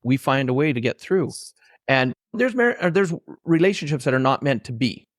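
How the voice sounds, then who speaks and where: A Canadian man, an author and trainer, appears as a guest on an interview podcast, sharing heartfelt personal anecdotes and voicing the people in them, including quoting his own lines. His medium-pitched voice has lively intonation and moves at a normal speed. The recording is dry and studio quality.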